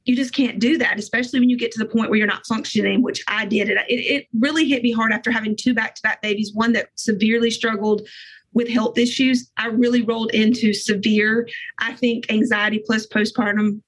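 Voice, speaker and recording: Middle-aged woman guest, husky, rather high voice, earnest faith testimony. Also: fairly even intonation, rough recording. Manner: earnest, emotional, fast bursts of speech.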